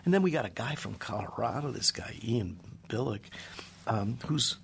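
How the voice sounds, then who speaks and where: A man's voice: medium pitch, lively intonation, moderate pace, creaky, slight background noise. A man interviewed as a scientist guest, telling stories with enthusiasm and acting out what others said. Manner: enthusiastic storyteller, acts out quoted voices. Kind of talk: animated radio interview.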